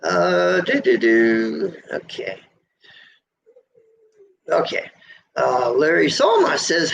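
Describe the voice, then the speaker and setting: A man's voice: on the high side, wildly swooping pitch, slow, creaky, long pauses, fairly bright tone. A middle-aged man hosting a trucker's live stream, chatting casually, reading out viewer comments, teasing folksy and preaching about road safety. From USA. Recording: dull lo-fi live-stream audio.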